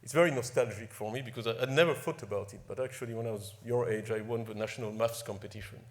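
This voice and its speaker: A gravelly-voiced man from Ivory Coast, a native French speaker, talks fast at a medium pitch. He's a company chief executive giving an informal award speech at a ceremony, emotional and self-deprecating, with frequent restarts and repeated words.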